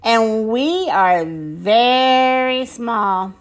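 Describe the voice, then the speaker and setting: A woman's voice: fairly high pitch, big pitch swings, slow pace, exaggerated voice. A woman reading aloud and voicing a small, timid male alien crewman who stammers. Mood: nervous.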